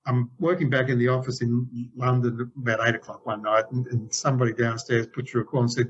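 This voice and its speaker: Man, 60s, interview guest, rambling storyteller with many restarts, middling pitch, dull video-call audio. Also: level tone, fairly quick, hardly any pauses, a little hiss or hum. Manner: rambling, frequent restarts and self-corrections. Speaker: game developer guest.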